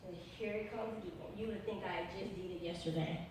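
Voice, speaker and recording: A woman's voice: lowish voice, fairly even intonation, a little fast, background noise. A woman author telling a personal story in an interview, earnest and emphatic, repeating herself in an informal way. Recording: very echoey room, distant mic.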